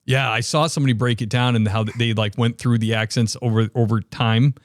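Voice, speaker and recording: Male interview host from the Boston area, mid-pitch, eager and talkative, dry recording. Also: fairly even intonation, brisk, no echo. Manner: chatty, enthusiastic, many fillers. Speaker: podcast host. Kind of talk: casual interview chat.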